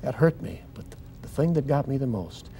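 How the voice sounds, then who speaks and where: Older guy preaching his story on a tv interview, goes loud then soft, warm low tone, bit of hiss. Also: lively intonation, brisk. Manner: fervent preacher's delivery, swings loud and soft. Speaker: guest. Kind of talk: testimony in a TV interview.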